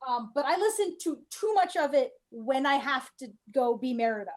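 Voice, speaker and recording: A woman chatting casually as a guest, her voice pitched high. She rambles with plenty of "like" fillers and a wry, offhand humor. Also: expressive, moderate pace. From United States. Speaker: guest cosplayer. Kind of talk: casual interview chat.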